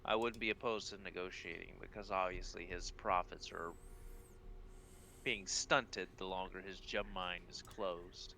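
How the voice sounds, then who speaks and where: A man's voice: low-pitched, fairly even intonation, a little slow, vocal fry, sharp tone, a little hiss or hum. A man playing in a casual tabletop game, thinking aloud in an earnest, polite way. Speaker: player. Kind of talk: casual tabletop role-play.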